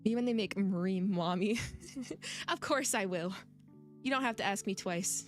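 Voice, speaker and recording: A woman's voice: mid-range voice, a little slow, faint music behind. A woman streamer chatting casually with her viewers and reading game text aloud, giggling often and rambling.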